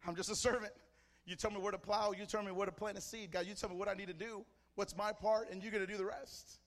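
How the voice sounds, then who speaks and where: A man's voice: high voice, steady tone, quick pace, big-room sound. A man from Mexico preaching to a church congregation, fervent and telling stories in short, punchy phrases. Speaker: pastor. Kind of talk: sermon. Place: church service.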